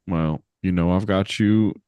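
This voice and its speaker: A man's voice: sits low, fairly even intonation, a little slow, warm tone, clear, resonant tone, dry recording. A man playing a tabletop game, talking in an easygoing, folksy way. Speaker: player. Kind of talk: tabletop role-play.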